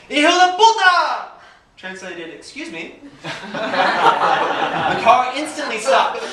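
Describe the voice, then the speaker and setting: A man's voice: sits high, sharp tone, a little hiss or hum. A man telling a vivid, wry personal story on stage, laughing often at his own tale. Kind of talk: live storytelling performance. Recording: echoey room, distant mic.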